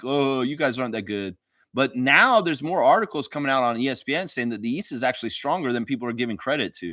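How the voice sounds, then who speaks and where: Male livestream host, casual and animated, bright and forceful voice, dry close sound. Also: medium pitch, no echo. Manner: animated, profane, talks to chat viewers. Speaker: fan show host.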